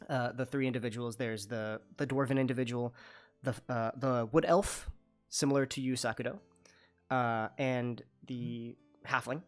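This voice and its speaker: A man's voice: mid-range voice, fairly even intonation, normal speed, soft background music. A man narrating a tabletop game as dungeon master, loose and full of fillers.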